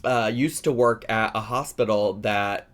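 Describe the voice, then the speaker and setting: Sassy Midwestern man with a cough. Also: measured pace. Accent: Southern Illinois Midwestern. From Southern Illinois, USA. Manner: sassy and playful, big jumps up in pitch. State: lingering cough, cough drop in mouth. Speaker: YouTuber host. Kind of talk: casual reaction vlog chat.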